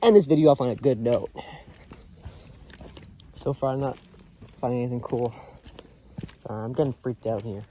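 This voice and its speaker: This young vlogger has a mellow, mid-range voice and talks at a moderate pace, pausing often. Walking through the woods with his phone recording, he gives an earnest, rambling pep talk laced with crude slang, against faint birds, insects, and a little hiss or hum.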